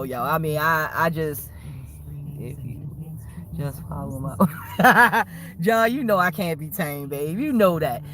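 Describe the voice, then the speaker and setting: A woman's voice: low voice, fairly bright tone, a little hiss or hum. A woman livestreaming and chatting casually with her viewers, rambling, swearing freely and laughing often.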